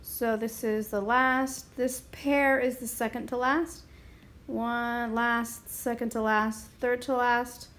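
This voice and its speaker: A woman with a slightly high voice walks through a lesson step by step. She is patient and sounds words out slowly, repeating them so they can be heard clearly. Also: level tone, fairly bright tone. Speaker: Spanish teacher. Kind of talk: classroom explanation.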